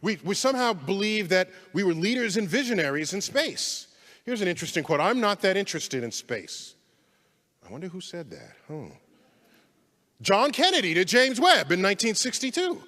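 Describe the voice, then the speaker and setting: A man giving an animated public science lecture, theatrical, swinging from loud outbursts to hushed asides. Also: sits high, normal speed. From United States. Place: large lecture hall. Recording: long hall reverb.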